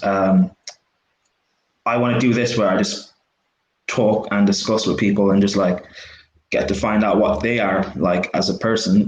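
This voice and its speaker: A young man hosting a podcast, asking questions in a quick, chatty manner. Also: fairly low pitch, a little mellow. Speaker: podcast host. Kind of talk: casual interview chat. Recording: echoey lo-fi room with faint hiss.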